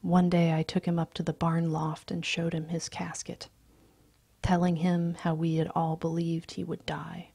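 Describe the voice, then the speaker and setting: Woman story reader, hushed breathy delivery, gravelly, low flat voice. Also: unhurried, no room sound. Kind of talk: soft-spoken story reading.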